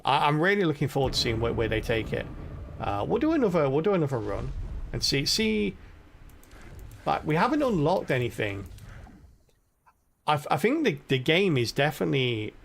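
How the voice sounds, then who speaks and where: A man's voice: mid-range voice, vocal fry, fairly bright tone. A middle-aged man streaming a game live, rambling and thinking aloud as he plays. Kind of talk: live gameplay commentary.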